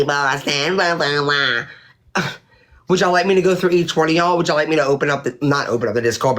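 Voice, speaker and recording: A woman on a livestream, addressing her viewers in a heated, rambling rant full of swearing and restarts. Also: low voice. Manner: indignant, profane, rambling with restarts.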